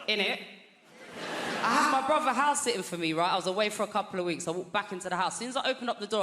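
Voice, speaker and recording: A comedian performing a stand-up routine on a large theatre stage, telling stories in an animated way and jumping into squeaky high mock voices. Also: quick pace, echoey room, some chatter behind, a little hiss or hum. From Britain. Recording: live theatre with a loud audience.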